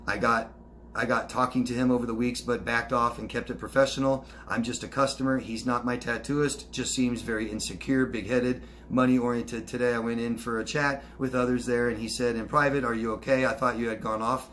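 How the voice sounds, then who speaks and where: A man's voice: mid-range voice, level tone, a little fast, fairly bright tone, slight background noise. A man coaching viewers, reading out their comments and answering them in a chatty, reassuring way. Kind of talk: casual solo Q&A, reading out comments.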